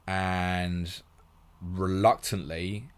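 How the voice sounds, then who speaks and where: A man with a low voice runs a live question stream. He is brisk and matey, reading each question aloud and then answering it. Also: flat delivery, clear, resonant tone. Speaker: podcast host.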